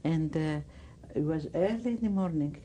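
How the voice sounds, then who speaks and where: An older woman with a Greek accent, giving oral history testimony in halting speech, often searching for words. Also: sits low, mellow, a little hiss or hum, low-quality recording. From Greece. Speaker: interviewee.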